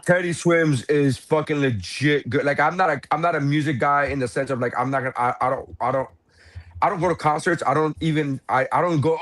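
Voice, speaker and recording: A man's voice: fairly high pitch, brisk, no room sound. A man co-hosting a podcast in casual chat, ranting with heavy swearing. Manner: profane, ranting and animated. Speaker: podcast co-host.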